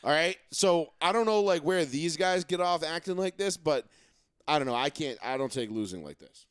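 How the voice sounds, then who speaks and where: A man co-hosting a sports podcast, ranting profanely and mocking players with quick put-on voices. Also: fairly high pitch, animated, a bit bright. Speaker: podcast co-host. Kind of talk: casual sports talk.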